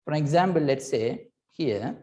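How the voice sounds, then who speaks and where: A woman's voice: low voice, expressive, a little slow, warm tone. A woman teaching a recorded lesson, patiently explaining and checking in with "right?" between points, with hesitant restarts.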